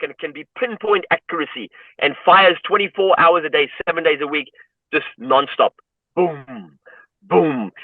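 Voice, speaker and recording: A man's voice: fairly high pitch, no echo. A man, a guest in an interview who tells personal stories with feeling, leaning on "you know" as he goes. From South Africa. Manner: emotional, animated storyteller leaning on "you know". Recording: dry, tinny phone-like line.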